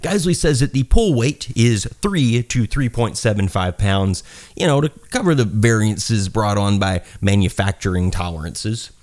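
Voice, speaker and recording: A man's voice: on the low side, expressive, moderate pace, a little mellow. Profane rambling man with a Southern accent. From South Carolina, US. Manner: rambling, profane, self-mocking, laughs at own jokes. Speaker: gun reviewer. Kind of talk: casual review talk.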